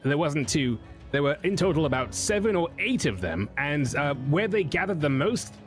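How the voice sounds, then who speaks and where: A man's voice: fairly high pitch, sing-song, moderate pace, faint music behind. A man chatting in character during a roleplay session, playful and teasing.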